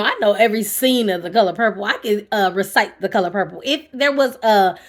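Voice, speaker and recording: A woman who works as a therapist talks to camera in a casual, animated way, telling a personal story. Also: medium pitch. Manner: animated, conversational, acts out her own reactions. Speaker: vlogger.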